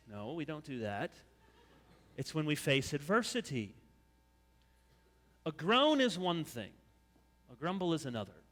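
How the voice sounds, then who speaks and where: A man preaches to his congregation with a bright, lively voice that rises and falls freely. He is animated, slipping into high whiny voices to imitate grumblers. The sound carries the long reverb of a church sanctuary. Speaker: pastor. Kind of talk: sermon.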